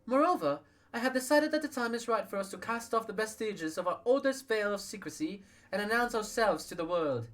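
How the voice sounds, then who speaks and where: A man's voice: high-pitched, lively intonation, fairly quick, hardly any pauses, fairly bright tone, soft background music, pitched above the performer's own voice. A man doing an earnest young male scholar. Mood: resolute. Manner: declaiming formal speech.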